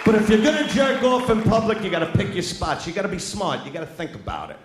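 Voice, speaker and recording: A man doing a crude stand-up routine in front of a live audience. He is loud and brash, taunts people in the crowd and often shouts. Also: high voice, wildly swooping pitch, quick pace. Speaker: stand-up comedian. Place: large live venue with an audience. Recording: echoey live show with crowd noise.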